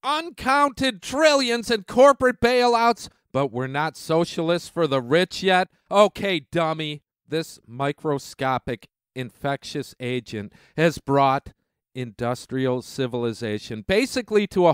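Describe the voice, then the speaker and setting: A man's voice: on the high side, a bit bright, smooth, dry recording, clean studio sound. A man hosting a radio talk show, delivering ranting political commentary in a heated, sarcastic, mocking manner.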